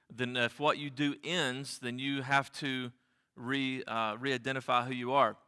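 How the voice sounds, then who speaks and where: A man's voice: medium pitch, pushed and bright, smooth. A man preaching a sermon as pastor, speaking earnestly and repeating key phrases for emphasis. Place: church sanctuary. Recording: long church hall reverb.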